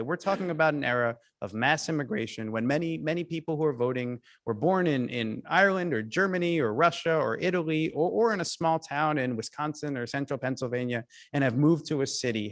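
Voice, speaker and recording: A man's voice: a little high, no room sound. A man giving a public history lecture as guest speaker, storytelling in an emphatic way and often restarting his sentences.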